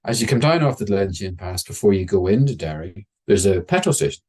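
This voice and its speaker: A man telling a story in a wry, chatty way, slowing down for the dramatic bits. His voice is low and a bit husky, and it rises and falls a lot. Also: expressive, darkish tone. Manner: wry, conversational, with dramatic slowdowns. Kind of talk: oral storytelling.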